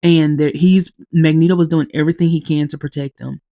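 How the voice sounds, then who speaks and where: A woman hosting a podcast, casually recapping a TV episode, speaking haltingly with long pauses as she grows teary-eyed. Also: low voice, fairly even intonation, mellow, dry recording. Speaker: podcast host.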